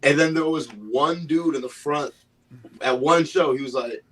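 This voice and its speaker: A man's voice: fairly high pitch, a little slow, a bit bright, far from the mic, slight background noise, rough recording. A man, a stand-up comedian, telling rambling, profane stories in casual chat.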